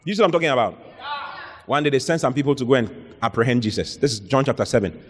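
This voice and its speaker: A man's voice: mid-range voice, quick pace. A man preaching a sermon, reading Bible verses aloud and calling out questions to the congregation. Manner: exhorting, calls out to the congregation, reads scripture aloud. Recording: long reverb of a hall.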